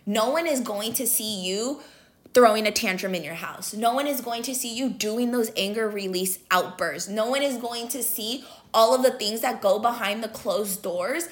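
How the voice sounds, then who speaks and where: A woman's voice: on the high side, normal speed. A young woman talking earnestly about personal growth, emphatic and casual, with lots of fillers. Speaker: motivational speaker. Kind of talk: casual motivational talk.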